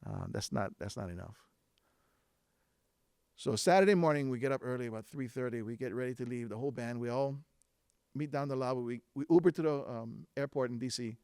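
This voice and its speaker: A man's voice: mid-range voice, a little fast, clean tone, no echo. Male storyteller, casual and chatty, mid-range voice, dry sound. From Hawaiʻi. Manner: relaxed and conversational, with frequent fillers and restarts. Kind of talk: live storytelling on stage. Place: stage before a live audience.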